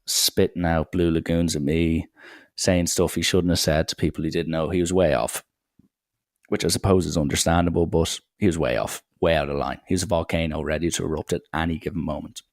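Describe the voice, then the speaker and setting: A man's voice: very deep voice, fairly even intonation, fairly quick, no echo, clean studio sound. A young man hosting a solo podcast, rambling through irreverent banter with plenty of swearing. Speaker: podcast host.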